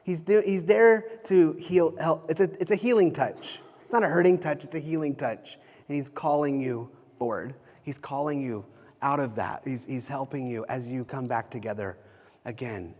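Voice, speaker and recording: A man's voice: medium pitch, moderate pace, a little mellow. A man in his thirties preaching a sermon as a pastor, talking conversationally with frequent restarts and repeated phrases. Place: church sanctuary. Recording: long hall reverb.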